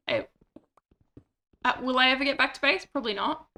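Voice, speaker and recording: A woman's voice: sits high, fairly quick, pushed and bright, slight background noise. A woman streaming a game, chatting casually in rambling, self-deprecating asides on a cheap microphone. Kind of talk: casual gameplay commentary. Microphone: cheap desktop microphone.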